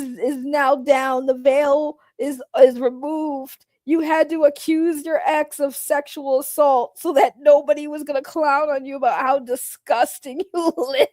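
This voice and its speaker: A woman with a high voice delivers a heated, profane rant as commentary, hammering the same points over and over. The sound is dry and close, with no room around her. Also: a little mellow, no echo. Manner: heated, profane, repetitive ranting. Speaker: commentary streamer. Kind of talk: casual ranting commentary.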